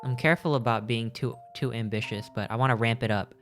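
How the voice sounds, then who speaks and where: A man's voice: mid-range voice, steady tone, fast talker, a bit bright, faint music behind. A man streaming, chatting casually with his live chat in a rambling, joking way, often stopping mid-sentence to restart. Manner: rambling, jokey, self-interrupting.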